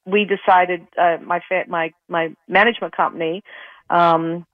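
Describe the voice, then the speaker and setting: A woman's voice: lowish voice, fairly even intonation, measured pace, dry recording. Middle-aged aussie woman, phone-line sound, rambly storytelling, restarts a lot. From Australia. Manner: rambling with many restarts, emotional. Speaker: guest, retired pro golfer. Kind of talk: casual storytelling in an interview. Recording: tinny dry phone line.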